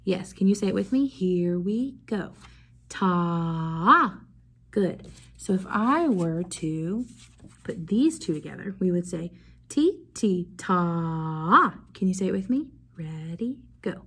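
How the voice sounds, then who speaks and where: A young woman music teacher giving a video lesson to young children, slow and encouraging, prompting them to repeat after her. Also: medium pitch, lively intonation, warm tone, husky.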